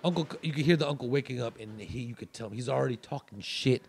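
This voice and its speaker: A man's voice: medium pitch, fast, vocal fry, darkish tone. A male comedian guest on a podcast telling a story in a loose, rambling way with many restarts. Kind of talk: casual storytelling.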